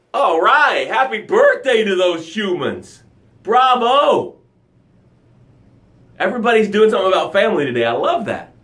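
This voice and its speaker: A man in middle age leads a live motivational show with a slightly high voice. He swings between hushed, low passages and loud, raised bursts as he talks straight to his audience. He also reads their comments aloud. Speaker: motivational coach and show host. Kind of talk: motivational live broadcast talk.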